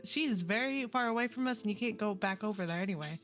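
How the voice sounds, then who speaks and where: A woman's voice: mid-range voice, lively intonation, fast talker, a bit bright, soft background music. A woman playing a tabletop game, teasing the others and laughing often. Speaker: player. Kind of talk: casual tabletop game chat.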